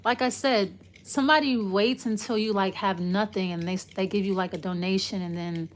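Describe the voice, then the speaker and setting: A woman's voice: medium pitch, steady tone, brisk. A woman giving a casual, loose tarot reading, rambling and trailing off as she talks it through. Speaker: tarot reader.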